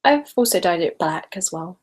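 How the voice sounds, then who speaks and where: A woman's voice: on the low side, lively intonation, normal speed. A young woman hosting a casual live stream, chatting and giggling as she answers viewers. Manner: chatty and giggly, speaks normally rather than whispering.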